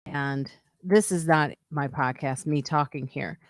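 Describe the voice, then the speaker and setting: A woman's voice: measured pace, dry recording, studio quality. A woman comedian hosting her own live stream in a casual, chatty way, greeting viewers and reading out their comments. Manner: says she is using a weird low radio voice. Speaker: comedian and podcast host.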